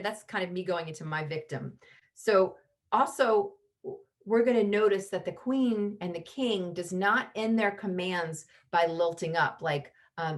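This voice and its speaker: A middle-aged woman coaching parents over a video call, teaching lively and acting out the lines a parent might say. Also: medium pitch, normal speed. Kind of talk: online parenting workshop.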